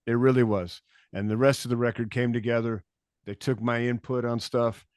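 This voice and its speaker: A man's voice: on the low side, level tone, a little fast, a little mellow, clear, resonant tone, dry recording, clean studio sound. A man, a podcast guest and touring musician, telling stories in laid-back casual chat with frequent restarts and swearing.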